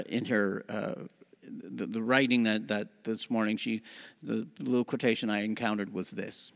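A man leading a church service, speaking haltingly with fillers before reciting the creed. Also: lowish voice, gravelly. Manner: halting with many fillers, then steady recitation. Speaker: worship leader. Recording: reverberant church hall.

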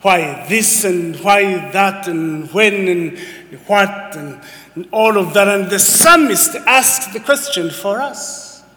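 Guest preacher, man in his 50s, unhurried, ringing delivery, big hall echo. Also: high voice. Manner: excitable, emphatic, folksy asides to the congregation. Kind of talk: sermon. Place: church sanctuary. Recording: long church hall reverb.

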